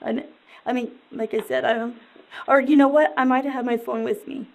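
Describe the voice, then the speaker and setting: A woman with a high voice full of gravelly fry, dazed and distraught as she answers questions in a police interview. She talks in halting, rambling bursts and keeps repeating herself. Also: fairly even intonation, poor audio.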